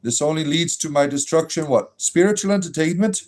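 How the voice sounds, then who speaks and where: A man's voice: a little high, a little fast, darkish tone. A man hosting a casual livestream as a druid bard, joking with chat and giving blessings. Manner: joking, reacts to chat messages, blesses viewers. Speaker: livestream host reading chat.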